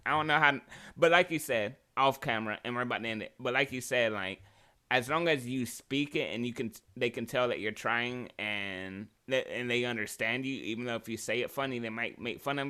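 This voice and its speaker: A man co-hosting a podcast, chatting in an animated way, laughing often and swearing. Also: medium pitch, clear, resonant tone. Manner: animated, laughing, profane banter. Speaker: podcast co-host. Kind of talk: casual chat.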